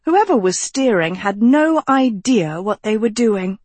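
A woman reads a storybook aloud, measured and expressive at an unhurried pace. The recording is dry and close, with no room around it. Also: medium pitch, husky, no echo. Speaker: audiobook narrator. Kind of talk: scripted storybook narration.

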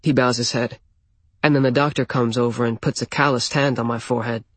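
A man's voice: medium pitch, fairly even intonation, brisk, husky, no echo. A man narrating a first-person story in a plain, intimate reading.

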